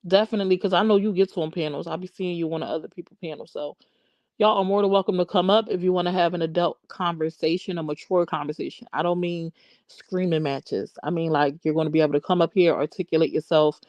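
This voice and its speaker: A woman's voice: on the low side, steady tone, fast, darkish tone, dry recording, muffled recording. A woman hosting a casual livestream, chatting and answering viewers by name. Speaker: livestream host. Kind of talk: casual live chat.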